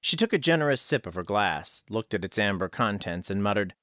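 A man narrating an audiobook in an expressive storytelling manner. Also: fairly low pitch, a little fast, no echo, clean studio sound.

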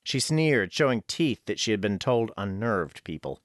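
In a dry, clean studio recording, a man with a lowish voice narrates an audiobook expressively at a moderate pace.

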